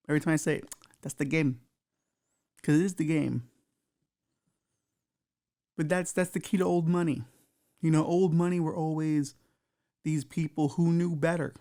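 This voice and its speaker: A man's voice: fairly high pitch, vocal fry, warm tone. A man hosting a podcast, riffing through a loose, profane comedic monologue full of asides. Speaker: podcast host.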